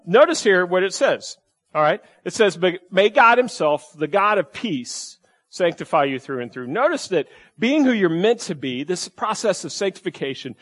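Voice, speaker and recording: A man preaching a sermon as pastor, in a folksy, self-deprecating storytelling manner. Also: fairly high pitch.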